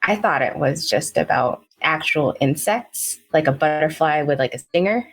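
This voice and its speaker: A woman's voice: low-pitched, animated, moderate pace, husky, soft background music, heavily acted. A woman voicing a tall, burly, flustered man who wants to be an action star, in a tabletop game. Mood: earnest. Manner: anxious, flustered.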